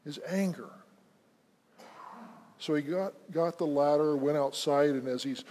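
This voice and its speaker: A pastor telling a story in a sermon, swinging from quiet to loud emphasis. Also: male voice, on the high side, measured pace. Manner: storytelling, builds to loud emphasis then drops soft.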